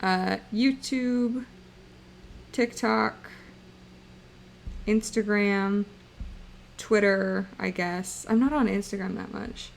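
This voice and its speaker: A woman's voice: medium pitch, fairly even intonation, takes it slowly, creaky, long pauses, slight background noise. Playful chatty young woman streamer. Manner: playful, rambling, chatty with chat. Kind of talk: casual live-stream chat while drawing.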